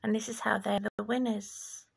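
A woman from former Yugoslavia giving an impassioned religious monologue, deliberate and preachy, sometimes dropping to a whisper. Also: medium pitch, level tone, gravelly, slightly rough. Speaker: vlogger.

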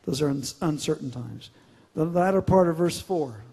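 A man's voice: fairly high pitch, moderate pace, gravelly, warm tone, slightly rough. A male pastor preaching a sermon in a large church, drawing out scripture lines with emphasis and frequent restarts. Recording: reverberant church hall.

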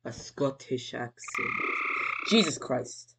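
A man's voice: mid-range voice, animated, slow pace, gravelly, very noisy. A man casually commentating his game playthrough, rambling and joking with some swearing. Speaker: gamer doing a playthrough. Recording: faint game music behind.

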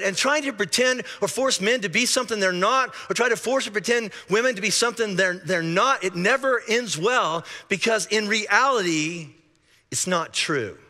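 A man's voice: high voice, sharp tone, big-room sound. A male pastor preaching a sermon in a chatty, joking way, often restarting his sentences, heard in a church auditorium. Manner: conversational and joking, with frequent restarts.

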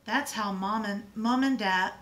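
A woman voicing a brave older sister who speaks calmly and reassuringly. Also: medium pitch, a little slow, natural voice. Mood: urgent, soothing. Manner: calm and reassuring.

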